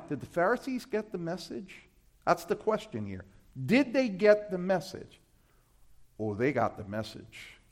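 This is a Brooklyn pastor with a New York accent delivering a sermon. He swings from loud, emphatic scripture readings to low, quiet asides.

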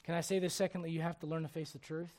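A man preaching a sermon who swings between quiet, conversational asides and loud, emphatic exhortation, acting out the voices he quotes. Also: a little high, little pitch movement, racing. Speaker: pastor.

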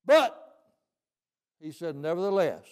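A man's voice: sits high, vocal fry, a little mellow. A male preacher delivering a folksy sermon, often asking "See?".

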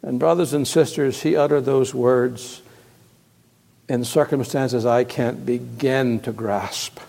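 A male pastor preaching a sermon, moving from hushed, quiet passages to loud, emphatic ones and repeating key words. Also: medium pitch, steady tone, slow pace, gravelly. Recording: long reverb of a large hall.

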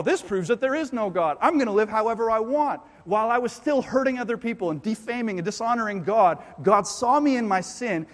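High-voiced preaching man, echoing church. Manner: impassioned preaching that swings between loud emphatic bursts and quiet low passages; acts out listeners' objections in quoted voices. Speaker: pastor. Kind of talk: sermon. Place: church with a congregation. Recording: long reverb of a church hall.

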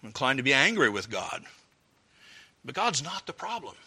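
A man preaching a sermon earnestly, rising to fervent appeals and dropping low for quoted prayers. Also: sing-song, moderate pace, pushed and bright, breathy edge.

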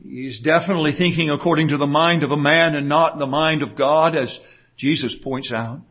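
A man preaching a sermon, emphatic, dramatizing quoted words. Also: normal speed. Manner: emphatic, dramatic quoting with wide swings of pitch. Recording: dull lo-fi recording.

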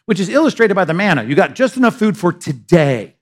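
In a church sanctuary, a middle-aged pastor delivers a sermon in a voice a little higher than most men's. He preaches in an animated, conversational way, tossing in quick "right?" asides and acting out the voices of characters from the text.

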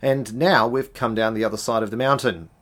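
A man's voice: medium pitch, steady tone, brisk, fairly bright tone. A man preaching a sermon, often putting rhetorical questions to the congregation.

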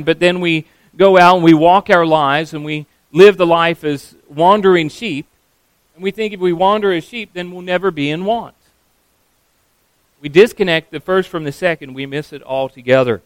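A man preaching a sermon as a pastor, earnest and emphatic, slowing down on key phrases. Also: a little high, smooth, dry recording, poor audio.

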